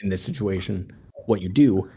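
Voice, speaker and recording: A man's voice: deep voice, normal speed, warm tone, slight background noise. A man from the Midwest chatting with friends on a podcast, sarcastic and playful. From American Midwest. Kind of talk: casual chat among friends.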